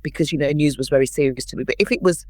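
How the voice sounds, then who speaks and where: A woman in her sixties, a guest in an interview, telling anecdotes in a lively way and acting out what others said. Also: deep voice, racing, dry recording. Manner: lively anecdotal storyteller, acts out quotes. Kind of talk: interview storytelling.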